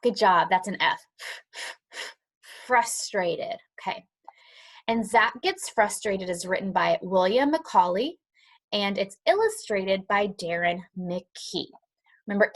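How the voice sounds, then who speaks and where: A woman teaching an online lesson to young children from home, encouraging and patient. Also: medium pitch. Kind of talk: online class lesson and read-aloud. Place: at home, dog nearby.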